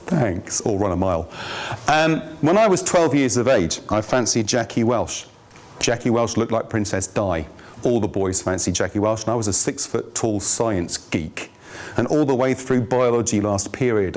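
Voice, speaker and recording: Lively man presenting a training workshop. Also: on the low side. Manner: lively, jokey, asks the audience. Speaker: business trainer. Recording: noisy room recording.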